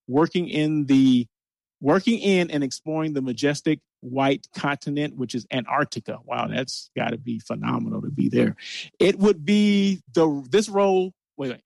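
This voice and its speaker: A man's voice: a little high, no room sound. A man hosting an interview show, reading a guest introduction aloud with stumbles and restarts, then chatting eagerly. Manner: reads intro with stumbles, animated. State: out of breath after the intro. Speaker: host. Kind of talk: casual interview.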